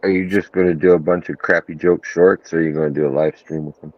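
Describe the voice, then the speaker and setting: A very deep-voiced man, dry and teasing. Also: fairly even intonation, fast talker, lo-fi sound. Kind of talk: casual chat.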